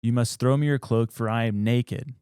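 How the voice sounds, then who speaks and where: A man voicing a holy hermit woman of the desert, speaking in calm, grave pronouncements. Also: mid-range voice, normal speed, clean tone, dry recording, studio quality, close to an everyday voice. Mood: solemn.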